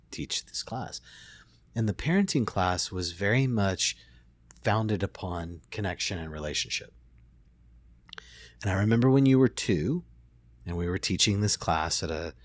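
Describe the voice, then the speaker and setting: A middle-aged man, a therapist, telling a family story in a relaxed conversation, reflective and full of restarts. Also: deep voice, no room sound. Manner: reflective, many restarts and fillers. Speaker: therapist and podcast host.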